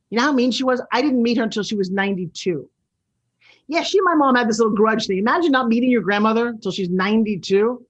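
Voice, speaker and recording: A woman in her sixties with a New York accent, hosting a show in a loud, brash, animated way. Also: mid-range voice. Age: 60s. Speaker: show host. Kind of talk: casual talk-show monologue.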